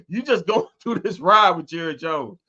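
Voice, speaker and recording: A man with a very high, bright, tense voice co-hosting a sports talk show. He chuckles and rambles, drifting into quiet mumbles, on a dull lo-fi recording with faint music underneath. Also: lively intonation, unhurried, husky. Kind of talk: casual sports banter.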